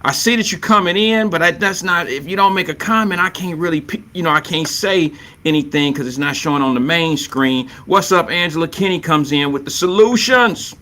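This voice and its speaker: A man with a bright, forward voice hosts a laid-back live stream show from a home setup. He chats loosely and playfully, greets viewers by reading their comments, and keeps circling back to his catchphrases. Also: a little high, a little fast, hardly any pauses. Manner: loose and playful, repeats catchphrases, chuckles often.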